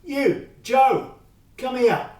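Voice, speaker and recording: A man's voice: high-pitched, moderate pace, darkish tone, pitched above the performer's own voice, close to an everyday voice. A man voicing a worried debtor who pleads, then turns bossy, heard in a roomy space from a distance. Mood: demanding. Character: worried man deep in debt.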